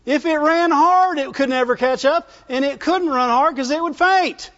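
A man's voice: extremely high pitch, moderate pace, a bit bright, big-room sound, muffled recording. A man preaching a sermon in a folksy, call-and-response way, asking the congregation to answer back.

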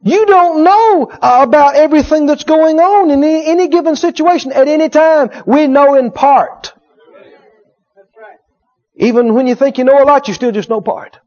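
Emphatic male preacher with a high voice, repeating lines for effect and acting out quotes; muffled lo-fi recording. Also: normal speed, darkish tone. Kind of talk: sermon. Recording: dull lo-fi sermon recording.

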